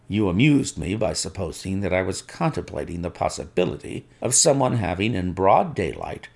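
A man voicing a calm, suave male detective who speaks in a measured, firm way. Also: low voice, creaky, exaggerated voice.

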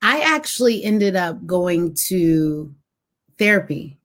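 A woman's voice: on the low side, sing-song, takes it slowly. A woman guest telling a personal story with animation, acting out voices and dialogue as she goes.

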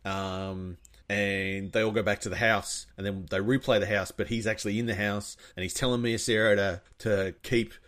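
A man's voice: lowish voice, moderate pace. Chatty man recapping a film. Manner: rambling, animated retelling with acted-out quotes. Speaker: podcast co-host recapping a film. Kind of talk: casual chat.

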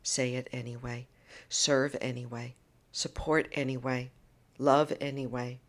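A woman hosting a solo podcast monologue into a microphone, earnest and emotional, often dropping into a soft whisper. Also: rumbling low, level tone, unhurried. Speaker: podcast host. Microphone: studio microphone.

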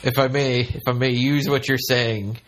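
A man's voice: medium pitch, steady tone, normal speed, a bit bright, a little hiss or hum. A man hosting a podcast in casual chat, joking and laughing often. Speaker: podcast host.

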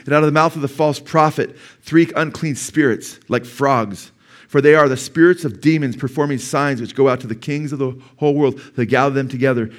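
A middle-aged man preaching a sermon as pastor in a church, emphatic, rising to loud peaks and asking the congregation questions. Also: mid-range voice. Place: church sanctuary.

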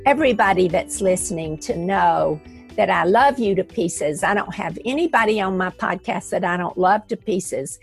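Gravelly Southern-raised woman hosting a podcast. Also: lowish voice, moderate pace, soft background music. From American South. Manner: effusive, affectionate. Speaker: podcast host. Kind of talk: podcast interview.

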